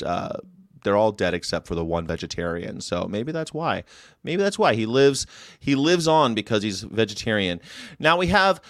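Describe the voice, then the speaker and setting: A man's voice: lowish voice, a bit bright, no room sound, clean studio sound. A man hosting a casual daily monologue, rambling and crude with sarcastic asides. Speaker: vlog host.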